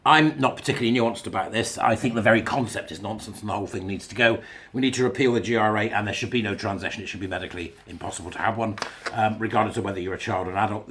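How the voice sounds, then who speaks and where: A man's voice: on the low side, fairly bright tone, a little hiss or hum. A man hosting his own show, talking to listeners in a blunt, jokey way and laughing at his own jokes. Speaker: podcast host. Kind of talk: casual monologue.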